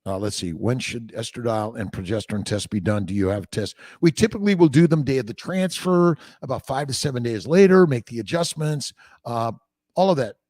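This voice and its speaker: A man's voice: mid-range voice, animated, brisk, a little mellow, no room sound, clean studio sound. A man, a fertility doctor, answering viewer questions on a casual livestream, blunt and profane as he jumps from topic to topic. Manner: reads out viewer comments and answers them.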